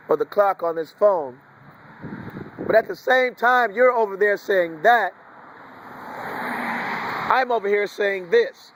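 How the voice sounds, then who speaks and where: High-voiced man in a rambling rant. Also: a bit bright, a little hiss or hum. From United States. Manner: preachy, wandering, profane. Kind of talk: rambling monologue.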